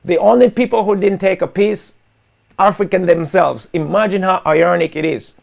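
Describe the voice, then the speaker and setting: Gravelly, high-pitched impassioned male host. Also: moderate pace. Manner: forceful, repetitive, addresses listeners as guys. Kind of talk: impassioned monologue to an online audience.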